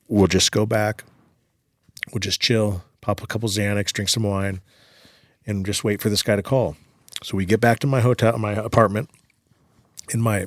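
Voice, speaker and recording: A man's voice: on the low side, no room sound, clean studio sound. A man guest on a podcast, telling a long story in a casual, profane way with lots of "like" fillers. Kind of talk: animated storytelling in casual conversation.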